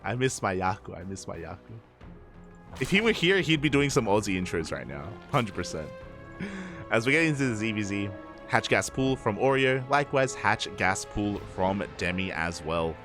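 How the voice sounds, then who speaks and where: A man casting a live game with a lowish, easygoing voice, quick to joke and laugh as he calls the action and chats with viewers. Soft music runs quietly under his commentary. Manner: lively and joking, laughs often, talks to the chat. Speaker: esports caster.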